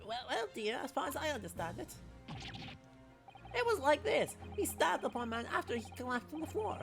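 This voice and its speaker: A woman's voice: sits high, sing-song, normal speed, gravelly, soft background music, pitched above the performer's own voice, full character voice. A woman voicing a fussy, easily flustered old lady juror who knits, with a twittery, quavering voice. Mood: dithering.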